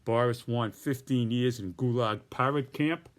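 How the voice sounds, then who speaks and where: A man's voice: medium pitch, unhurried, close to an everyday voice. A man doing a mocking head of state. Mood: threatening. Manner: clipped broken-English taunting.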